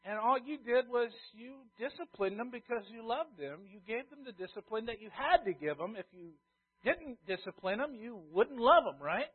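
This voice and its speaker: A man preaching a sermon as a pastor, emphatic, swinging between loud stress and quiet asides. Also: very high-pitched, lively intonation, normal speed, slightly rough. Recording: tinny phone-like sound.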